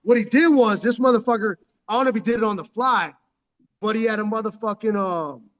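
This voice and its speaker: A man in his forties from San Diego rattles off a story at a fast clip in loose, profane slang, calling the listener "dog" again and again. His voice sits fairly high for a man. The recording has a long, echoing reverb. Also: a bit bright. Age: 40s. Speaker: vlogger. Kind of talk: casual storytelling. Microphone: headphones on.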